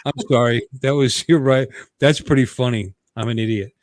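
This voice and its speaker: A man's voice: mid-range voice, moderate pace, very noisy. A man hosting a casual livestream chat from home, rambling and joking, often stopping himself mid-sentence. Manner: rambling, jokey, self-interrupting. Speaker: host.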